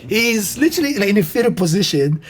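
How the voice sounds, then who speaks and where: A young man spins a rambling comic story, laughing and swearing as he goes. His voice sits a little high with a husky grain. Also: fast. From Ireland. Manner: animated, laughing, swearing, many fillers. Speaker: comedian guest. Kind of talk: casual storytelling.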